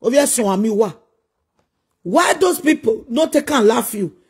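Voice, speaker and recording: High husky Nigerian man scolding. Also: sing-song, normal speed. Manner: preachy, repetitive rhetorical questions. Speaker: social media commentator. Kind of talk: scolding monologue.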